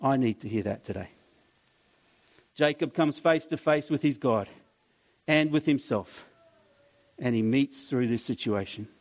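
A man preaching a sermon, telling stories and acting out voices, at times dropping to a soft, tender tone. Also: medium pitch, a little slow, pauses often. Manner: storytelling, acts out voices, drops to soft tender tone. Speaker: pastor.

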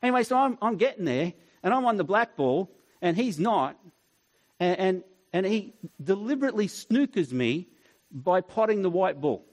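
A man preaching a sermon, telling stories and acting out voices, at times dropping to a soft, tender tone. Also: sits high, sing-song, normal speed. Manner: storytelling, acts out voices, drops to soft tender tone. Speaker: pastor.

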